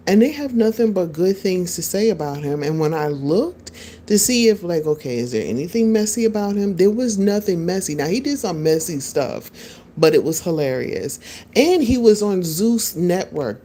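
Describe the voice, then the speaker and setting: Low mellow-voiced woman chatting to viewers. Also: a little hiss or hum. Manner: chatty, rambling, talks to viewers. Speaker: podcast host. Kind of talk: casual live-stream chat. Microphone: phone.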